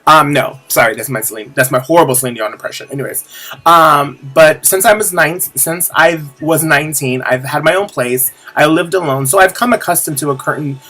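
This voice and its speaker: A man's voice: on the high side, fairly quick, pushed and bright, soft background music. A young man talking candidly to camera in a casual confessional vlog, rambling with lots of fillers and restarts and the odd swear word. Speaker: vlogger.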